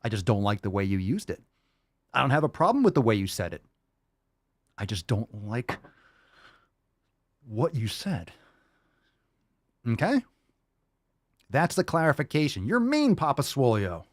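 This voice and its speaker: A man's voice: mid-range voice, sing-song, a little slow, long pauses, dry recording, studio quality. A man hosting a livestream podcast, ranting casually in a profane, emphatic and repetitive way. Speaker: podcast host.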